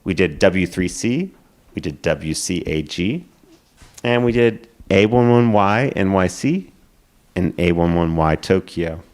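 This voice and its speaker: Deep-voiced male presenter, hurried, explanatory, lots of ums. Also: darkish tone. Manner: explanatory, hurried, filler-laden. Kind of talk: conference presentation.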